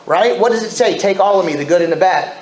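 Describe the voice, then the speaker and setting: A man in his forties talks fast in a high voice, telling his story candidly and with self-deprecating humor at a recovery meeting. The meeting room sounds echoey, with faint ambience.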